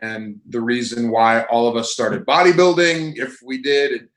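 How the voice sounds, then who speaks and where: A man guest telling lively anecdotes in a casual chat over a video call, laughing as he goes. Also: medium pitch, moderate pace, roomy sound, poor audio. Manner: animated anecdote-telling, laughs mid-sentence. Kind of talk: casual storytelling.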